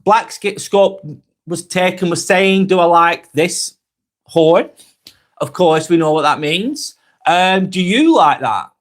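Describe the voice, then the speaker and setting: A man with a Lancashire accent, hosting a calm live stream, reading viewers' comments aloud and chatting back in an unhurried way with lots of ums and restarts. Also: a little high. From North West England. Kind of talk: casual live-stream chat.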